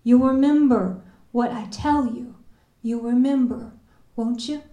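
A woman's voice: on the high side, lightly acted. A woman doing a fierce old Southern grandmother. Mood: stern urging. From Kentucky. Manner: forceful, commanding, slow and emphatic. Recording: echoey room.

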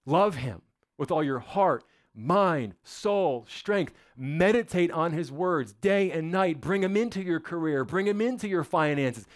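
A man's voice: fairly high pitch, lively intonation, unhurried. A man preaching a sermon as a pastor, dramatic and emphatic, with rhetorical questions and repetition.

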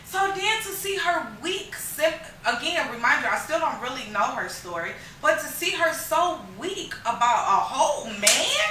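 Young woman co-host, lively, slangy storyteller, bright voice, roomy distant mic. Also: sits high, a little slow, few pauses, a little hiss or hum. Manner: animated, slangy, acts out quotes. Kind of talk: casual storytelling chat. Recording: echoey room, mic at a distance.

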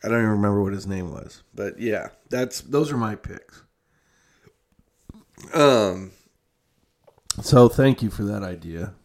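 A young adult man hosts a casual podcast in a fairly low, slightly mellow voice, expressive and unhurried with long pauses. He rambles and swears a lot, stumbling through fillers, restarts, and self-corrections.

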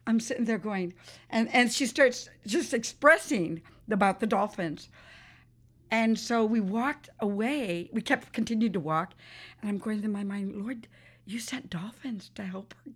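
A woman's voice: medium pitch, a little slow, fairly bright tone. A woman telling an emotional personal story in an interview, acting out what others said. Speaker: interviewee, mother.

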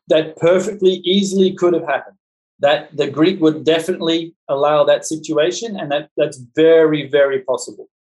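A man teaching a Bible study group, talking in fast, halting bursts with many restarts and fillers. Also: on the high side, a little mellow, rough recording. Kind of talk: lecture with group discussion.

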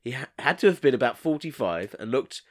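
A man's voice: mid-range voice, sing-song, fairly quick. A man co-hosting a comedy podcast, swearing and teasing his co-host as he reads listener letters.

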